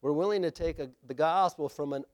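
A man preaching a sermon, acting out scripture passages and swinging between loud declarations and hushed asides. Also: a little high, fairly quick. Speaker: pastor.

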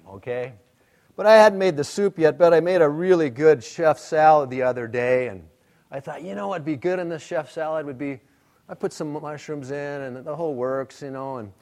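A middle-aged man preaching a sermon, telling a story in an animated, self-mocking way. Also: a little high. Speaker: pastor.

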